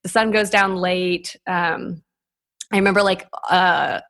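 A woman's voice: fairly low pitch, steady tone, unhurried, fairly bright tone. A young woman co-hosting a podcast in casual chat, laughing often and filling her talk with "like", heard over a video call. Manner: chatty, laughs often, lots of "like" fillers. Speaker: podcast co-host.

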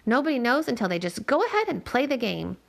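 A woman voicing a gentle, musing father. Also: on the high side, big pitch swings, fast, vocal fry, exaggerated voice. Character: thoughtful middle-aged father. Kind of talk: reading a novel aloud.

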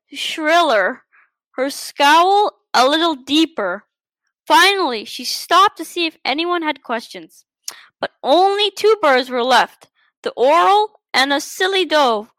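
A woman's voice: sits high, fairly bright tone, no echo. A woman reading a children's storybook aloud, carefully, with frequent stumbles and restarts. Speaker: story reader.

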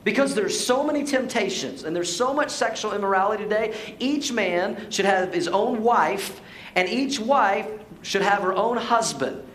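A man's voice: high voice, lively intonation, normal speed, fairly bright tone, reverberant, slight background noise, low-quality recording. A man preaching a sermon as pastor to his church, playful and joking, then pressing his points with emphasis. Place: church sanctuary.

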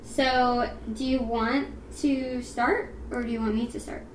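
A woman's voice: on the high side, fairly even intonation, unhurried. A young woman co-hosting a podcast in casual chat, rambling and laughing with lots of "like.". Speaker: podcast co-host. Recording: roomy sound, faint background noise.

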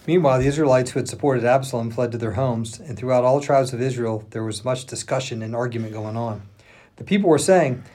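A man, a pastor, reading scripture aloud in a steady manner with small restarts. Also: mid-range voice, fairly quick.

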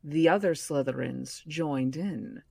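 Slow, low-voiced woman reading aloud. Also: creaky, dry recording, studio quality. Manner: measured, expressive storytelling. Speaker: book club podcast host.

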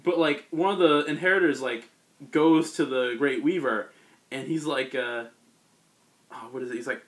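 In a somewhat high male voice, a podcaster briskly and casually narrates a comic book's story. He rambles as he goes, playing out the characters' dialogue himself.

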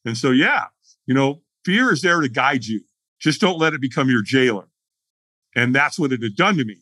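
Husky, bright-voiced middle-aged man. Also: medium pitch, moderate pace, no echo. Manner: animated storyteller acting out dialogue. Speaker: guest. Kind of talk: podcast interview storytelling.

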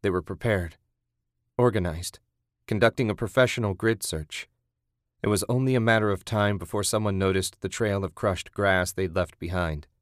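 A man reading a horror story aloud in a steady, measured narration. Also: lowish voice, no room sound, clean studio sound. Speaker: audiobook narrator.

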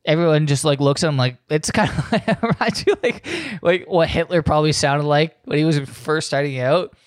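Podcast guy rambling and cussing, kinda high voice, dead dry room. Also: normal speed, no echo. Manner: rambling, profane, often reads news aloud. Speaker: podcast host. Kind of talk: casual podcast monologue.

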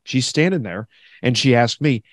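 Podcast co-host, male, animated storyteller who laughs a lot, dry close sound. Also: medium pitch, normal speed, dry recording. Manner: animated, laughs through his stories, acts out the people in them. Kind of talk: casual storytelling chat.

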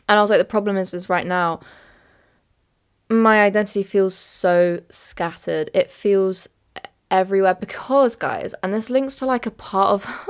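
A young woman hosting a podcast, talking through her own experiences in a candid, rambling way and laughing things off. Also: on the low side. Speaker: podcast host. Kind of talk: candid personal monologue.

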